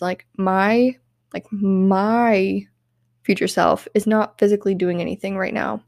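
A woman's voice: mid-range voice, gravelly, darkish tone, no room sound. Earnest young woman, dry close sound. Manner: earnest, heartfelt, uses "like" often. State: tearful, on the verge of crying. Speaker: podcast host. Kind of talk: self-help podcast monologue.

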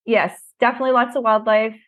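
A woman's voice: on the high side, little pitch movement, fast talker, a bit bright. Upbeat woman chatting as a guest. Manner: upbeat and enthusiastic. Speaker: guest, ski resort expert. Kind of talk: casual interview chat.

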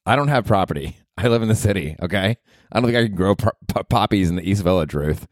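Deadpan man in his forties hosting a podcast. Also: low-pitched, a little fast, no echo, studio quality. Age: 40s. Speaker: podcast host. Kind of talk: comedic podcast talk. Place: small apartment.

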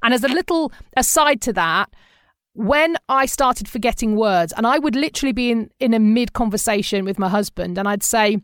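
A middle-aged woman hosting a podcast, telling candid stories in a lively, conversational way. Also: fairly high pitch, moderate pace, no echo, studio quality. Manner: candid, animated storytelling with quoted voices. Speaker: podcast host.

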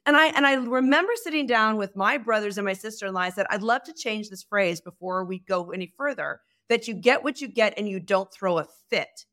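On a podcast, a woman guest who works as a communication coach speaks emphatically and animatedly, acting out little dialogues. Her mid-range voice is brisk, with few pauses.

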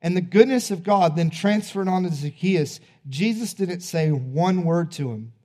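Male pastor, conversational sermon, animated storyteller, mellow tone. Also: high-pitched, measured pace.

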